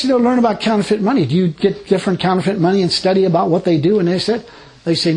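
Folksy preacher man, high voice. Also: fast talker, rough recording. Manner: folksy, rambling, animated storytelling with laughs. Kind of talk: informal sermon with personal stories.

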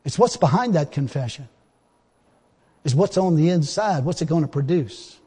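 Husky, high-voiced preacher man in a church hall. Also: expressive, moderate pace. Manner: impassioned, swings between loud exhortation and low confiding asides; folksy, colloquial grammar. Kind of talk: sermon.

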